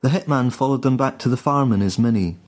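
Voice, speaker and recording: A man reading a dark comic story in a dry, deadpan way. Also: medium pitch, fast talker. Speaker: narrator.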